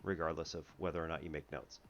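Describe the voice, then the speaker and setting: Male math tutor, deep voice, loose rambling delivery with frequent laughs, muffled lo-fi audio. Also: steady tone, slight background noise. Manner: rambling, laughs often, halting restarts. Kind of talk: casual lesson chat.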